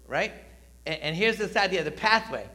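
A middle-aged man preaching in a church, his voice sitting a little above the usual male pitch. He talks to the room in a relaxed, conversational way, pushing key words up with emphasis and tossing in quick "right?" checks. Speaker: pastor. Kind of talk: sermon. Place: church sanctuary.

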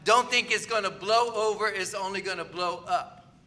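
A man's voice: sits high, moderate pace, pushed and bright. A man preaching a sermon as pastor, in a conversational manner, often asking the congregation whether they agree.

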